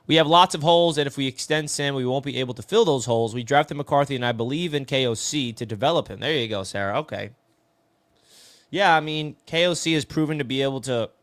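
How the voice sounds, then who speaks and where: This mid-pitched male host runs an easygoing sports talk stream, working through viewer comments and throwing "bro" around constantly. The audio is dry, and his manner is talkative and responsive to chat.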